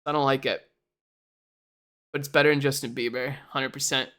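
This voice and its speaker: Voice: mid-range voice, steady tone, moderate pace, a bit bright. A young adult from Canada, chatting casually and rambling on a live stream while reacting to chat. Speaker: livestreamer.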